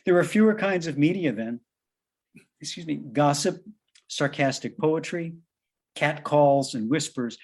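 A man's voice: on the high side, darkish tone. A man giving a scripted lecture in a dramatic, wry, emphatic manner.

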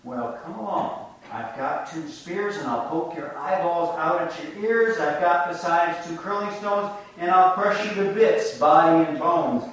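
A man voicing a big, fearless billy goat with a hoarse, ugly voice, recorded from a distance in an echoey room. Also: a little high, unhurried, few pauses, fairly bright tone. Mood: menacing.

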